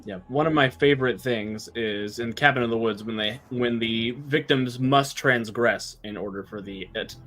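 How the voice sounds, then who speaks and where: Eager man pitching haunted-house ideas. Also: normal speed, few pauses, fairly bright tone. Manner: enthusiastic, idea-driven. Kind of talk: live-streamed design chat.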